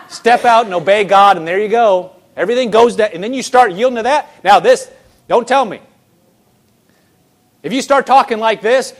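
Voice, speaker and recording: A man's voice: very high-pitched, animated, normal speed. A man preaching a sermon, emphatic, asking the congregation rhetorical questions and repeating words for emphasis.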